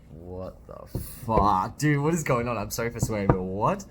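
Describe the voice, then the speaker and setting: A young man reading a manga aloud and reacting, excitable, swearing often and bursting into loud exclamations. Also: fairly low pitch, measured pace, background noise. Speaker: manga reviewer.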